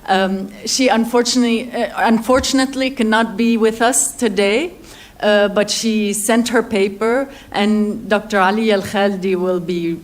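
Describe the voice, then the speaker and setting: A woman's voice: medium pitch, steady tone. A woman chairing a university panel, introducing the next speaker with frequent hesitations. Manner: hesitant, many "uh" pauses. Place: lecture hall.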